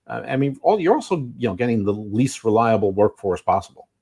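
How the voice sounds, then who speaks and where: A male co-host of a casual podcast whose pitch swings freely, rising and dipping as he stumbles through restarts. He talks in a chatty, halting way and drops dry jokes into the conversation. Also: very animated, warm tone. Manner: halting, many restarts, dry jokey asides.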